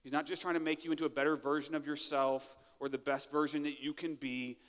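A man's voice: on the high side, little pitch movement, quick pace, fairly bright tone, long reverb tail. A man preaching a sermon in a church, talking in a conversational way and often checking in with "right?". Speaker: pastor. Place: church sanctuary.

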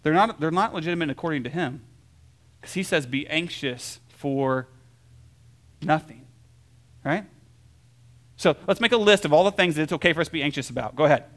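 A young adult man gives a casual sermon in an easy, conversational way. His voice sits a little high, and he keeps checking in with the listeners. When he tells a story he gets animated, dropping soft and then rising loud. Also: fast talker. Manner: conversational, lots of filler "like" and "right?". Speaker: pastor.

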